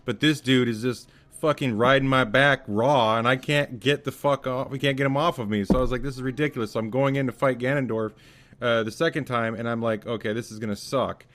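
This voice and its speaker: A man co-hosting a casual podcast chat, swearing freely as he tells animated stories. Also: mid-range voice, fairly quick. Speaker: podcast co-host.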